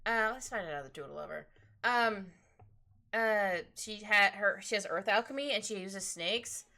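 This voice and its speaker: A woman streaming her drawing session, chatting casually in a rambling, excitable way with frequent laughter. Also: mid-range voice, moderate pace. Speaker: art streamer. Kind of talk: casual chat while drawing live. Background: faint background music.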